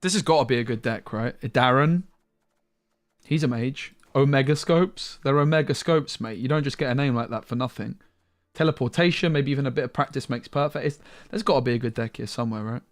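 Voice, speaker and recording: A man's voice: medium pitch, fairly quick. A man streaming a card game, giving casual commentary full of jokey banter with viewers and muttered asides.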